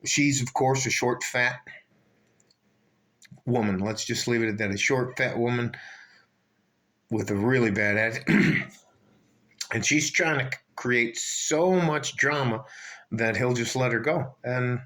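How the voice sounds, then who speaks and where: A man's voice: medium pitch, unhurried, long pauses, fairly bright tone. An older man telling a rambling, profane story in a casual rant, often trailing off and circling back. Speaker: vlogger.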